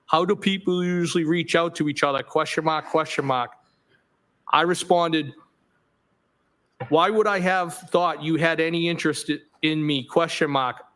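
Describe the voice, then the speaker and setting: A man's voice: fairly high pitch, a bit bright. Man reading texts aloud in court. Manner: measured reading aloud, reads punctuation such as "question mark" aloud. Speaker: witness in court.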